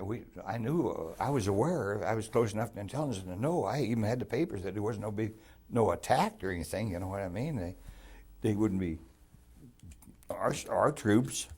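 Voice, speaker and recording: An older man with a very low, husky voice tells his war stories in a rambling, folksy way. He talks in plain, homespun grammar, restarts his sentences often and circles back as he remembers. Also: mellow. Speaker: veteran telling war memories. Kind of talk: oral history interview.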